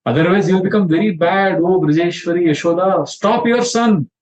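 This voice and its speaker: A man's voice: sits high, a little fast, darkish tone, voice pushed up, close to an everyday voice. A man voicing a complaining village milkmaid. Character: village milkmaid woman complaining of a naughty child. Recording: dull lo-fi sound.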